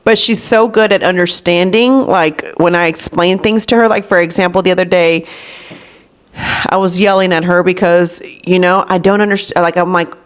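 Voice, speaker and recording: A woman's voice: on the low side, fairly even intonation, moderate pace, clean tone. A woman in her thirties hosting a podcast, talking casually and retelling conversations with her young daughter. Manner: chatty, retells talks with her daughter, says "you know what I'm saying" often. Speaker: podcast host. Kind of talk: casual chat.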